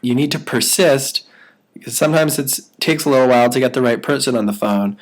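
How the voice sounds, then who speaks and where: A man teaches new callers how to work a phone script. He speaks at a steady middle pitch and slips into an upbeat, persuasive salesman's patter when he acts out the call. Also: a little fast. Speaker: sales trainer. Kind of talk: training walkthrough with role-played sales calls.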